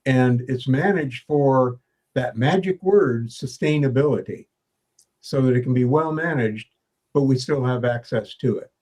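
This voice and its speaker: A man speaks as a podcast guest in a measured, explanatory way. His tone stays earnest and steady. His voice sits at an ordinary middle pitch. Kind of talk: podcast conversation.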